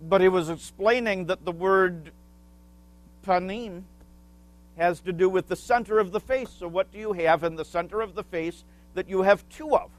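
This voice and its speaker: A man preaching a sermon as pastor, explaining a word with small asides and asking the congregation questions. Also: sits high. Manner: asks the congregation questions and pauses for answers.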